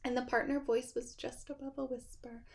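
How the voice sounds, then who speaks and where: A woman's voice: sits high, little pitch movement, moderate pace. A middle-aged woman, a kindergarten teacher, giving upbeat and chatty classroom tips straight to camera and often checking in with her listeners. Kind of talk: friendly teaching talk to camera.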